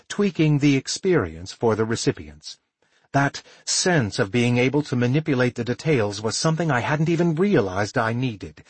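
Male audiobook narrator, slow and husky, dry close sound. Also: mid-range voice, no room sound. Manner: slow, measured, intimate reading. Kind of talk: first-person audiobook narration.

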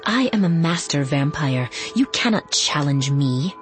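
A woman reading the lines of an arrogant young female master vampire, slow and threatening. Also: expressive, faint music behind. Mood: menacing. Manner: slow, low, threatening delivery.

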